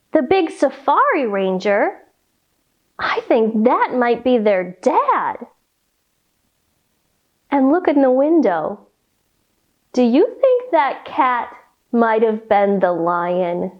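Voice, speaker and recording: Lady teaching kids yoga from a storybook, very slow and sing-song, high voice. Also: highs cut off. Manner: slow, sing-song and animated, leading movements. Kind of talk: storytime yoga lesson for children.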